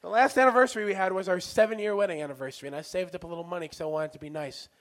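Man, stand-up comic, self-deprecating, muttered asides, sudden shouts, bright tone. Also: sits high, fairly even intonation, very fast. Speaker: stand-up comedian. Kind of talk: stand-up set.

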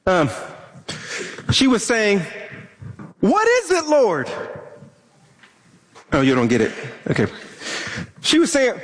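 A man's voice: extremely high pitch, wildly swooping pitch, moderate pace, long pauses, fairly bright tone. A young man preaching a sermon, impassioned, at times acting out frustrated pleas to God. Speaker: pastor. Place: church sanctuary. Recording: long reverb of a large hall.

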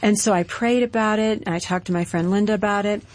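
A middle-aged woman telling her faith story as a guest on an interview show, earnest and steady. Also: medium pitch, fast.

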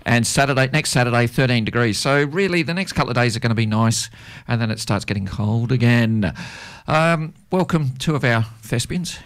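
A man's voice: medium pitch, lively intonation, normal speed, hardly any pauses. Chatty male radio host. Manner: chatty, laughs often, reads weather. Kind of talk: casual radio chat.

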